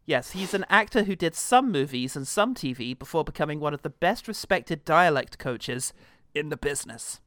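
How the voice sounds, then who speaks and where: Bright-voiced joking podcast man. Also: on the high side, expressive, moderate pace, few pauses, no echo. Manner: joking, mock-indignant riffs. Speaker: podcast co-host. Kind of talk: comedic casual chat.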